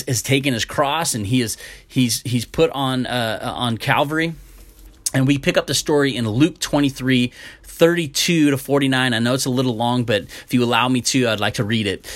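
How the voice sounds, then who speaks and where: Male preacher, mid-pitched, unhurried sermon delivery with scripture reading. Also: a bit bright. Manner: slow, measured, with fillers and restarts.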